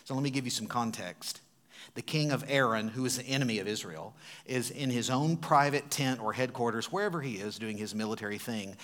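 A man preaching a sermon as a pastor, retelling a scripture story expressively, swinging from loud emphasis to hushed tones. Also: medium pitch, a little fast.

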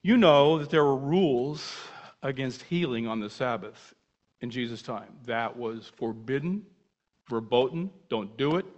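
An older man teaching a Bible class in a casual, animated way, asking many rhetorical questions and breaking off mid-sentence. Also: medium pitch, measured pace. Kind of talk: informal Bible teaching talk. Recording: muffled lo-fi recording.

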